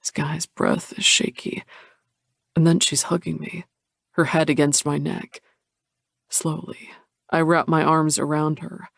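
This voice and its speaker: A woman narrating a romance audiobook in a measured, intimate way. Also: low voice, level tone, gravelly, no room sound, studio quality.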